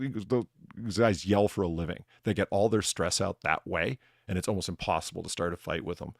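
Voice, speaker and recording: This man hosts a casual chat in a low, gravelly voice at a quick pace, barely pausing, captured in studio quality with no room sound. Playing a bartender persona on his podcast, he's an animated storyteller who laughs often, acts out bits of dialogue, and swears casually.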